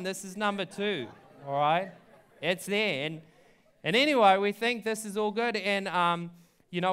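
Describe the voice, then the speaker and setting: A man's voice: high-pitched, fairly bright tone, clear, resonant tone. A young adult man, a pastor, telling a story in a sermon in a chatty way, with many ums and likes. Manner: chatty, frequent ums and likes, laughs at his own story.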